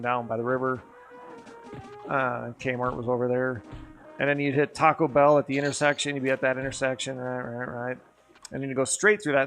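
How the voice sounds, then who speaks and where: A man's voice: mid-range voice, fairly bright tone. Rambling, profane streamer man from Wisconsin. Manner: rambling, profane nostalgic storytelling. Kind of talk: casual stream chat. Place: home garage with a green screen.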